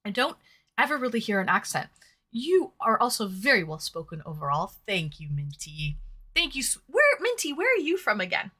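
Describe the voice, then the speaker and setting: Speaking in a mid-range voice at normal speed, this woman sounds very animated, pushed and bright. She's a Massachusetts streamer with a Massachusetts accent who hosts online dates, eating and chatting on a webcam mic during a casual livestream, reading chat aloud between bites.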